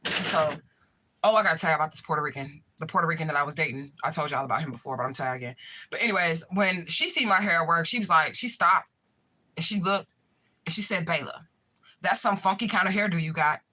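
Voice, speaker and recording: Bright-voiced woman chatting profanely. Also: low voice, quick pace, husky. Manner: animated, profane storytelling full of fillers. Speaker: spiritual reader and vlogger. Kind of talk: casual live chat to viewers.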